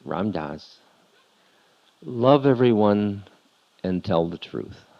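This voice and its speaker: Gently teasing old guru guy, high playful calls then soft tender asides, as a lecturer puts him on, muffled old tape. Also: lively intonation, takes it slowly, creaky, exaggerated voice.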